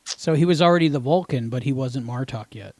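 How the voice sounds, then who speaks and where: A man hosts a podcast in a relaxed, thinking-aloud manner, often trailing off mid-thought. The recording is dry and close. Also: mid-range voice, brisk, dry recording. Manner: musing and hesitant, trailing off. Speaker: podcast host. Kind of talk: casual podcast chat.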